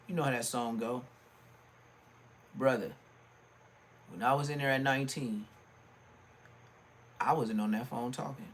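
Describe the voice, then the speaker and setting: A middle-aged man, ranting on his livestream and often jumping into a high, mocking voice. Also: measured pace, pauses often, a little hiss or hum. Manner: animated, swings into high mocking voice. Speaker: livestream host.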